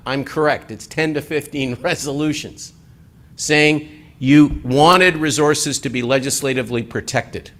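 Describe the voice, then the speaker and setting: A man giving a presentation at an assembly, talking in an animated, conversational way with joking asides. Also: mid-range voice. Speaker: conference speaker.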